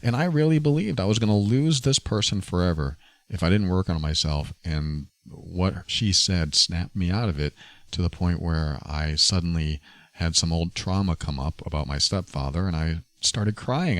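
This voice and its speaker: A man's voice: sits low, no room sound. A man hosting a podcast, talking earnestly and confessionally about his own experience. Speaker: podcast host. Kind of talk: personal reflective monologue.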